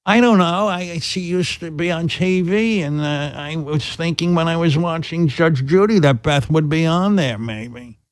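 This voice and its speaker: A man voicing his confused elderly mother, raising his voice into a high, wavering, drawn-out questioning tone while retelling a story on talk radio. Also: no echo, lightly acted.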